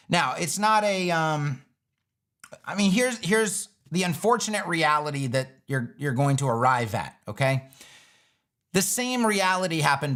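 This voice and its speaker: A man hosting a casual livestream Q&A, talking emphatically, swearing casually and acting out users in quick little voices. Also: a little high, fairly bright tone. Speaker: web design educator and livestream host.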